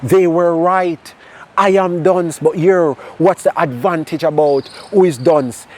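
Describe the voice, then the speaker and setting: A man with a Jamaican accent sharing his personal testimony in a conversation, telling it in a lively way with bits of patois. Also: fairly high pitch, slow. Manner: animated storyteller mixing in patois. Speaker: interview guest.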